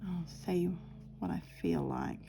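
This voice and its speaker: Chatty gravelly-voiced woman. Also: lowish voice, flat delivery, slow, background noise. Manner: cheerful, laughs often, muses aloud. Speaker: craft vlogger. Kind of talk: chatty storytelling while sewing.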